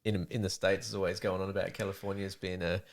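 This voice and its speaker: A plain-spoken man talks as a podcast guest about hunting. His voice sits low, with a gravelly fry at the bottom. He keeps it easygoing and laughs often. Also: flat delivery, quick pace, slight background noise. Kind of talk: casual chat.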